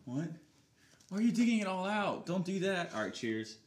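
A man's voice: high voice, big pitch swings, moderate pace, slight background noise. A man co-hosting a podcast, talking casually and a bit impatiently, swearing offhand. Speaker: podcast co-host. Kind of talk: casual chat, ice cream tasting. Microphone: desk mic.

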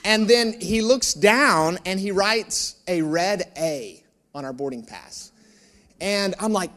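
A man's voice: fairly high pitch, normal speed. A man preaching a sermon, telling a personal story and acting out the dialogue with humor, asking the audience questions. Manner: animated storyteller, acts out dialogue; joking, addresses audience with questions.

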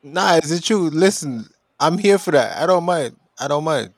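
A man's voice: on the high side, animated, moderate pace, dry recording, clean studio sound. A man co-hosting a casual podcast chat, upbeat, easygoing and affirming. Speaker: podcast co-host.

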